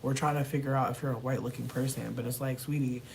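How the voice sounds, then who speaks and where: A woman livestreaming while high on mushrooms, rambling and swearing as she talks to her chat and repeats herself. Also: fairly even intonation, fast talker, creaky, a little mellow, a little hiss or hum.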